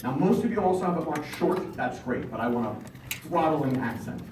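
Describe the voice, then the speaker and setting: A man leading a band rehearsal, brisk and encouraging, singing rhythms aloud between instructions. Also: a little high, lively intonation. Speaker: band conductor. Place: large rehearsal hall with a band. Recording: roomy, distant, noisy rehearsal recording.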